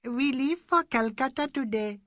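Storybook role: a serene gracious lady, played by a man, very high and airy. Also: unhurried, sharp tone, no echo, clean studio sound, full character voice.

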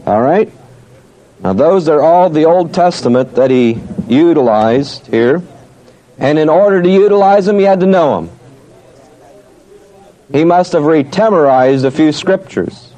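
Man, Bible teacher, slow deliberate delivery, mellow tone, reads scripture in drawn-out cadence. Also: on the high side, animated, poor audio. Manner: slow, deliberate, questioning and answering himself. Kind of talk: Bible study lecture.

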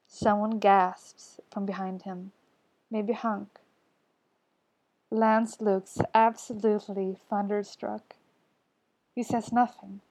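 A woman narrates fiction aloud for a podfic, slow and unhurried. Her voice is mellow and soft, with an intimate storytelling feel. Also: medium pitch, little pitch movement. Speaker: podfic reader. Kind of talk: scripted narration.

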